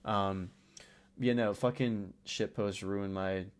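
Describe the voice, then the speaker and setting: Smooth low-voiced young man, laughing. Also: fairly even intonation, slow. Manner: laughs often, curses freely. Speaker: podcast co-host. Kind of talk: casual chat.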